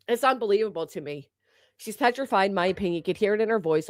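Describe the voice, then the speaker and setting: A woman's voice: mid-range voice, expressive, fast, dry recording, studio quality. A woman delivering a heated, sarcastic commentary rant, swearing and firing off rhetorical questions. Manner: indignant, sarcastic, profane, fires rhetorical questions. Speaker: online commentator.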